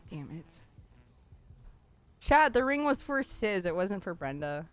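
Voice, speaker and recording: A woman streaming a roleplay game, talking to her chat in a jittery way, with frequent sighs and rambling self-talk. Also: mid-range voice.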